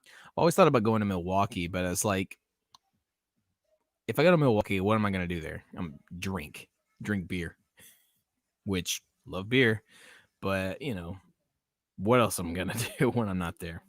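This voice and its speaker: Man, podcast host, casual live chat, rambling, chuckling, lowish voice, dry close mic. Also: moderate pace, pauses often, no echo. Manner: rambling, chuckling, self-interrupting.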